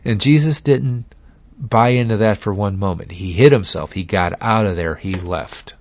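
A man preaching a sermon, telling the story dramatically and slowing down to stress key words. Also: lowish voice, dry recording.

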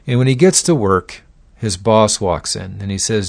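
A man's voice: lowish voice, normal speed, gravelly, dry recording. A man giving an informal lecture on psychology and addiction in a folksy, conversational way. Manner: folksy, conversational, uses acted-out examples.

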